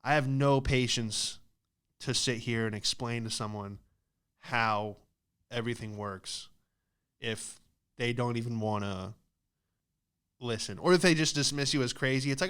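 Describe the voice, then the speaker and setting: A man's voice: mid-range voice, unhurried, long pauses, fairly bright tone, clean tone. A man, a stand-up comedian hosting a podcast, ranting casually with a lot of swearing and "dude" and "like".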